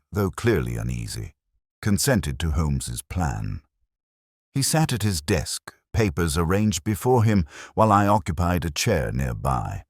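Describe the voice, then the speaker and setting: A man narrating a detective story in a measured, dramatic storytelling manner. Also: a bass voice, dry recording, clean studio sound. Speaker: audiobook narrator. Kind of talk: scripted narration.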